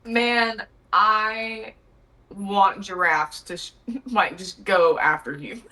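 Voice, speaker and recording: A woman's voice: mid-range voice, slow pace, sharp tone, rough recording. A woman co-hosting a podcast in casual chat, laughing often with crude, playful banter. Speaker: podcast co-host.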